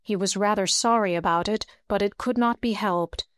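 Smooth, dry-voiced woman narrating. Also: mid-range voice, moderate pace, no room sound. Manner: steady storytelling, lifts her voice for dialogue. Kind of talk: audiobook reading.

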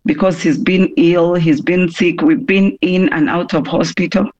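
Hoarse woman on a phone line. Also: on the low side, steady tone, darkish tone. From Uganda. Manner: halting, many pauses and restarts. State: hoarse with a cough. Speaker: interviewee. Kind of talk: phone interview.

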